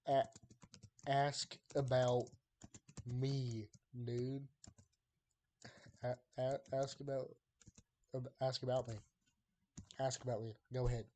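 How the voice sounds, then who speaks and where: A man's voice: medium pitch, flat delivery, takes it slowly, pauses often, mellow. A young man chatting casually with his live-stream viewers, drawling and exasperated as he bounces jokes off the chat. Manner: drawling, exasperated banter with chat, laughs often.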